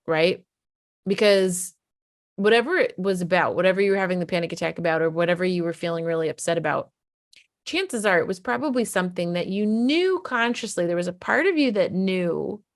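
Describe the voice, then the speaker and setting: Here a middle-aged woman, a parenting coach, talks a little fast in a lowish voice. She explains to camera in an earnest, chatty way, often voicing the quotes she uses. There's no echo, and the quality is studio-grade.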